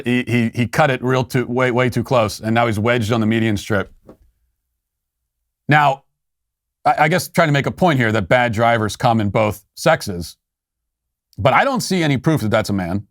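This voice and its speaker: A man's voice: medium pitch, moderate pace, dry recording, clean studio sound. A man hosting a commentary show, talking casually with sarcastic, wry asides. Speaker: podcast host.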